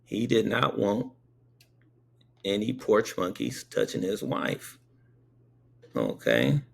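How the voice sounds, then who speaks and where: Gravelly, slow-talking male storyteller. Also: lowish voice, sing-song. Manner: emphatic, punctuated with rhetorical "okay?". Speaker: paramedic. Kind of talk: spoken anecdote.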